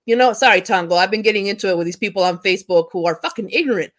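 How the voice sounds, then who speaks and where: A woman's voice: mid-range voice, fast talker, hardly any pauses. A woman teacher speaking in a heated, impassioned discussion, swearing freely and often restarting her sentences as she rants. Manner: heated, profane, ranting; frequent restarts and stumbles. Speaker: teacher and panel guest.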